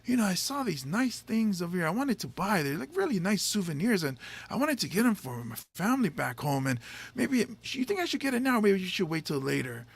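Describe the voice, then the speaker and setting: A man quoting a gruff male comedian who is chatting softly and kindly offstage, in a slightly raised voice. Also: high voice, big pitch swings, a little fast, pitched above the performer's own voice, full character voice. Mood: gentle. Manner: soft, friendly chatter.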